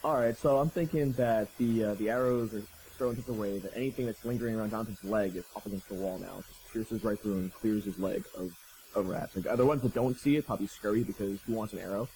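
A man at a game table talks quickly and plainly about his character's action. His voice is dark and mellow, with a faint hiss behind him. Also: on the low side, rough recording. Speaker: player. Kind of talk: casual tabletop play.

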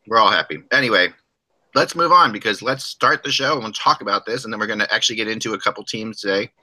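Rambling podcast guy talking hockey, lower voice, really bright and forceful tone. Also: fast, rough recording. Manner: rambling, restarts often, joking. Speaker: podcast host. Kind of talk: casual hockey podcast chat.

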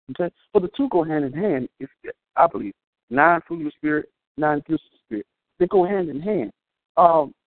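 A man preaches with a bright, high voice that leaps up and down in pitch. He jokes and calls out to the congregation as he goes. The sound is thin and phone-like, with no room echo. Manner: animated, humorous preaching with call-outs to the congregation. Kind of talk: sermon.

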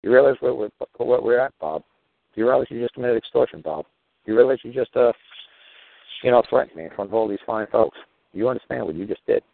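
Host, male, deep voice, combative rhetorical talk radio rant, dry phone-line sound. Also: animated, fast, vocal fry, no echo. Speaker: show host. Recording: tinny phone-like radio audio.

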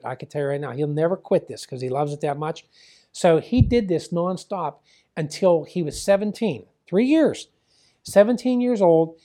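A man's voice: fairly high pitch, warm tone. An older man from the Pittsburgh area, a former wrestling promoter, telling a long family story in an interview and constantly repeating "I says" and "he goes".

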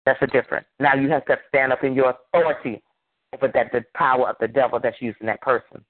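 A fervent male pastor preaches a sermon over a tinny, dry, phone-like line, with no room sound. His medium-pitched voice is fast with fairly even intonation, and he delivers emphatically, repeating phrases and using call-and-response.

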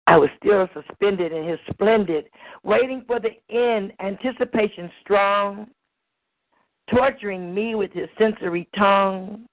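A woman performing spoken word poetry at an open mic with a slow, rhythmic, rhyming delivery. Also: medium pitch, no room sound. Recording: tinny phone-like recording.

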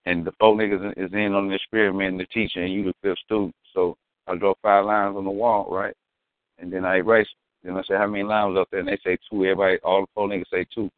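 A man's voice: sits low, flat delivery, fast, no echo. A man talking in a casual, slangy, emphatic way and telling stories as a co-host. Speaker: podcast co-host. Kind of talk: casual chat. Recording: dry, phone-like lo-fi sound.

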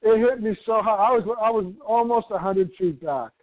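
A man telling a story in casual chat, halting and repeating himself. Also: sits high, no room sound. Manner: halting and repetitive, with laughing asides. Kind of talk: casual storytelling among friends. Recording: tinny, dry phone-like audio.

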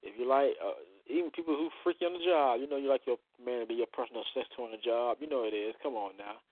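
A man's voice: medium pitch, fast talker, no room sound. A man hosting a call-in radio show, joking, bawdy and laughing often. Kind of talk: call-in internet radio chat. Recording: phone-line audio with faint hiss.

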